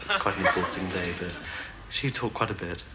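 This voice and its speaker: A deep-voiced man with an upper-class English accent tells dry, understated stories, chuckling as he goes. The recording is old and heavily hissy. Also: brisk. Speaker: game show contestant. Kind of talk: casual interview anecdotes.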